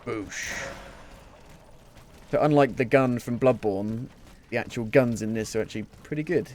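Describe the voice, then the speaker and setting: A man's voice: medium pitch, fairly quick, a little mellow, a little hiss or hum. A man giving casual, jokey live commentary while playing a video game, often muttering to himself. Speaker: gameplay streamer.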